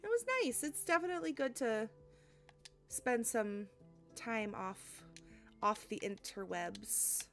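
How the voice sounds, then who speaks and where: A young adult woman streaming cozy games, chatting casually and gushing excitably, with plenty of ums. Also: a little high, slow pace, creaky, long pauses. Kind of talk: casual live-stream chat. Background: faint lo-fi music.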